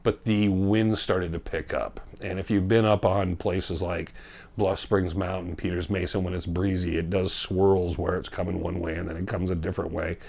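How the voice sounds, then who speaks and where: A man's voice: deep voice, little pitch movement, normal speed, gravelly, darkish tone. A man telling a long, rambling story in a casual, conversational way, often correcting himself as he goes. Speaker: storyteller recounting a backcountry trip.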